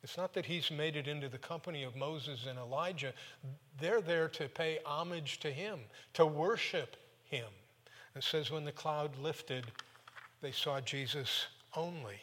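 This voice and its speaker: A male preacher tells his sermon animatedly, speeding up in bursts and then dropping low. His voice is fairly high and rings with a long reverb, as in a church hall. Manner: animated, with quick bursts and sudden drops. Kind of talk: sermon storytelling.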